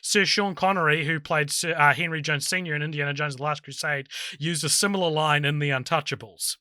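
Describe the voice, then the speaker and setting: High, bright-toned man hosting a podcast. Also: fairly even intonation, no room sound, studio quality. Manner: quick, corrects fine details, plays announcer for segments. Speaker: podcast co-host. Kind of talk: casual chat.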